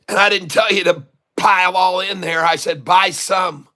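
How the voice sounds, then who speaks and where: A man hosting a live day-trading stream, hoarse from long hours of talking, who coaches viewers in a folksy way, repeats his instructions and keeps calling them folks. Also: high-pitched, fairly even intonation, slow pace, pushed and bright. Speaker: day-trading livestream host. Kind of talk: live trading commentary to chat.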